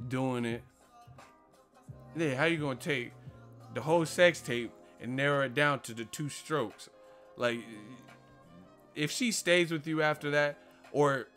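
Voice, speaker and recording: A man hosting a boxing live stream, ranting in an animated way with profane, slangy storytelling. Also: medium pitch. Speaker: boxing channel host.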